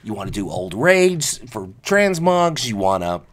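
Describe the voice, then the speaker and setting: A man's voice: lowish voice, very animated, measured pace. A man giving casual, sarcastic commentary over a video game, ranting animatedly and now and then mocking others in put-on voices. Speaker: gameplay commentator.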